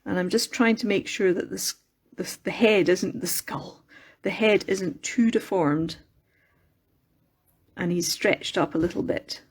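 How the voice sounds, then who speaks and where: A woman's voice: fairly low pitch, measured pace, pauses often, husky. Chatty Scottish woman crafting on a live chat. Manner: rambling, chatty, wanders off on tangents. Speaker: craft livestreamer. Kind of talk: casual live chat while sculpting. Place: workshop room in a mill. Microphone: phone.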